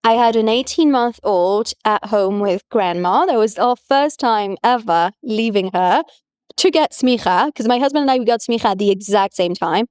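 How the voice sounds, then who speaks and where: Chatty woman, high voice. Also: normal speed, darkish tone, dry recording, studio quality. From France. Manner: chatty, many "like" fillers. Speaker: rabbi, guest. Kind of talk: casual interview talk.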